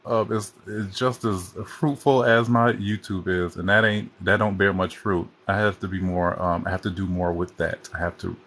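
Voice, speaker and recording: Chatty low-voiced man rambling on a livestream. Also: creaky, a bit bright. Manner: chatty, rambling, jumps between topics. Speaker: host. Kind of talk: casual livestream chat. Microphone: phone.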